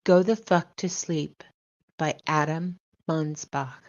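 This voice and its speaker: Older woman host, casual rambling chat, slow and low, muffled lo-fi sound. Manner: relaxed, rambling with ums. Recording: dull lo-fi audio.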